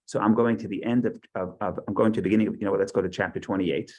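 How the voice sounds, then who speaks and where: A man's voice: on the low side, fairly even intonation, racing, a little mellow, dull audio. A man teaching a Bible study class over a video call, thinking aloud with frequent restarts and asides. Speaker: Torah teacher.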